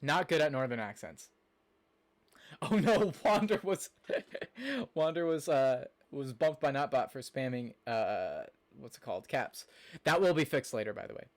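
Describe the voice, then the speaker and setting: A young man talks to his stream chat in a loose, rambling way. He fills his sentences with "like" and "um" and answers viewers as he goes. His voice sits at an ordinary middle pitch. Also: expressive, a little slow. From Nebraska, USA. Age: young adult. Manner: rambling, chatty, lots of fillers, reacts to chat. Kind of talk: casual live-stream chat.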